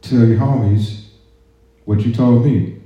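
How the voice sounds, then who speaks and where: A man voicing a harsh, taunting male army drill sergeant who yells commands, in an echoey room on a muffled recording. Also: medium pitch, steady tone, slow pace, pitched above the performer's own voice, natural voice. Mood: taunting, barking. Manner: yelling commands, mocking.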